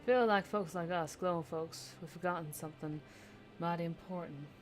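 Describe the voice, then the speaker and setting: A woman's voice: lowish voice, moderate pace, soft background music, close to an everyday voice. A woman putting on a folksy Southern drawl as a swaggering cowgirl gunslinger in a game, with slangy, friendly talk. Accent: put-on Southern US drawl.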